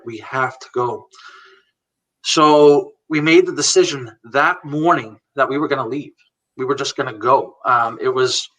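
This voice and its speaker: Here the same kind of guest, a man in his forties, shares his life on a live chat with plain candor, reproducing dialogue verbatim and laughing at times. His voice sits at medium pitch, bright and forward. Because he's set back from the mic, the sound is slightly distant.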